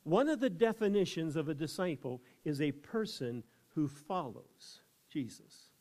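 An older American man delivers a sermon in a slightly raised voice. He unfolds his story at an easy pace with small pauses, then presses his points with rising emphasis. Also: a little high, lively intonation, warm tone. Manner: unhurried storytelling that rises into emphatic preaching. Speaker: pastor.

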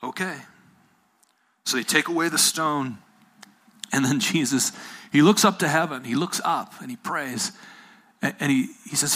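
A man's voice: on the high side, unhurried, pauses often, a bit bright. A man preaching a sermon, retelling a Bible story to a live audience, repeating phrases and asking his listeners questions.

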